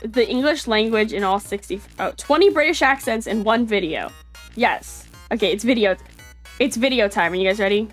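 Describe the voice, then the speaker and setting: A woman's voice: fairly high pitch, normal speed. A woman chatting casually on a live stream, rambling with lots of fillers over faint background music. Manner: rambling, filler-heavy, animated.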